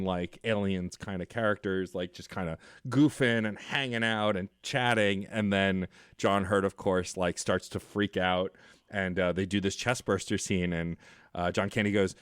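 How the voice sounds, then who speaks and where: Low-voiced, upbeat podcast guest. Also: male voice, clean tone, no echo, clean studio sound. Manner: enthusiastic, laughs often. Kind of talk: casual film recap chat.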